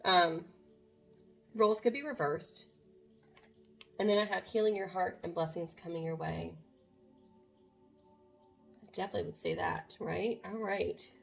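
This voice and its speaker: A woman's voice: lowish voice, a little slow, creaky, long pauses, faint music behind. A woman doing a casual tarot reading to camera, talking to viewers in an earnest, meandering way. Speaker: tarot reader.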